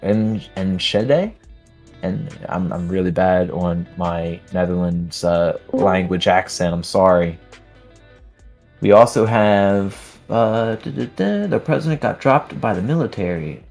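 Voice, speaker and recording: A man's voice: low-pitched, slow pace, vocal fry, darkish tone, faint music behind. A man hosting a live trading stream, chatting casually while reading viewer comments aloud and laughing often. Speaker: livestream host.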